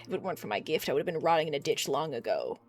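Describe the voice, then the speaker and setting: A streamer voicing a scheming old crone merchant in a game, sly and mocking, with a drawn-out delivery. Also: mid-range voice, very animated, faint music behind. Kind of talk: reading game dialogue aloud.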